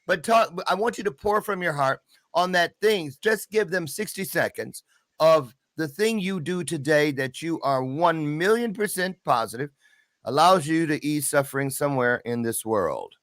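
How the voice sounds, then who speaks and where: Playful talk-show host, close and dry. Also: male voice, a little high, expressive, moderate pace, a bit bright, no echo. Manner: playful, rambling, talks to himself. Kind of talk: casual interview chat.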